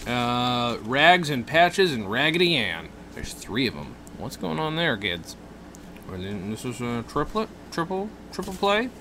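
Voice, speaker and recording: A man's voice: mid-range voice, sing-song, a little slow, sharp tone, a little hiss or hum. Joking man co-hosting a podcast. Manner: joking, trips over words and laughs. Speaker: podcast co-host. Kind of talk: casual comedy chat.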